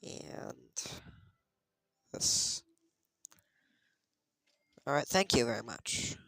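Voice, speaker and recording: A streamer rambling through a farming game, half-singing the names of crops and scolding themself. The voice sits in a middle pitch with plenty of vocal fry. It is recorded close and dry, with no room sound. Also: sing-song, drawn-out words, fairly bright tone, dry recording. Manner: chatty, mutters item names in sing-song repeats. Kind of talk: casual gameplay commentary.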